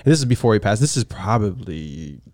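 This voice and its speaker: A man co-hosting a casual podcast chat, telling relaxed anecdotes. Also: on the low side, fast. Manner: relaxed anecdotes with fillers and restarts. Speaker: podcast co-host.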